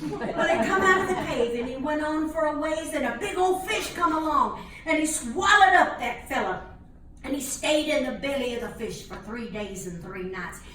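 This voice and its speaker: A woman's voice: high-pitched, expressive, normal speed, noisy background. An older woman telling a comic tale in a folksy, preacher-like cadence. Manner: dialect-tinged, preacher-like cadence. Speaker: storyteller. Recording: echoey room from a distance.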